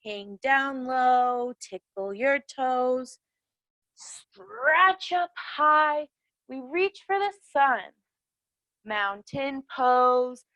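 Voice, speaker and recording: Young woman, kids yoga instructor; high, unhurried, sing-song and encouraging, dry close sound. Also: lively intonation, fairly bright tone, no room sound, highs cut off. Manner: cheerful, encouraging, sing-song cues to children. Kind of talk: guided kids yoga class. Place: outdoors in a yard.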